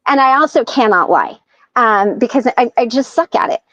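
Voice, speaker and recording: Casting note: high-pitched woman, animated casual storyteller, dry, slightly muffled recording. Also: normal speed, dry recording. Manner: animated storyteller acting out quoted dialogue. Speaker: podcast guest. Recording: dull lo-fi sound.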